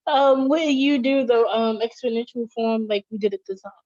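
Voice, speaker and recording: A woman's voice: on the high side, moderate pace, darkish tone. A woman student answers questions in an online math lesson, hesitant and thinking aloud as she works. Her audio sounds dull and lo-fi.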